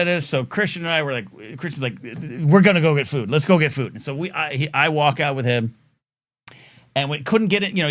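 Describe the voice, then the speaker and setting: With a slightly high voice, a middle-aged man on a live talk show delivers a long, rambling story as a casual monologue. He's lively, riddled with fillers and restarts, and plays out the voices of the people he describes.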